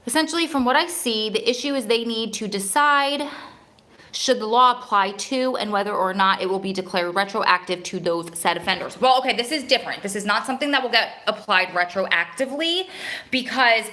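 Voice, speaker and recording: A woman with a bright, forward voice talks straight to her viewers on a live stream. Her speech is earnest and rambling, full of restarts and self-corrections, and she often stops to read out comments from the chat. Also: on the high side, lively intonation, fairly quick. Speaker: host of a live stream for prison wives.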